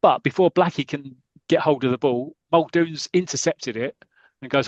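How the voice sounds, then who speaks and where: A man's voice: on the high side, moderate pace, dry recording, dull audio. A man hosting a podcast, casually retelling a comic story in a rambling, chatty way. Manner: rambling, many fillers and restarts, chatty. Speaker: podcast host.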